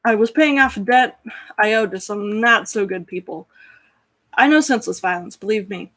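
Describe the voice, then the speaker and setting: A woman voicing a gentle former arena fighter. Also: medium pitch, moderate pace, natural voice, poor audio. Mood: earnest. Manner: earnest, comforting. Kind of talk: storytelling with character voices.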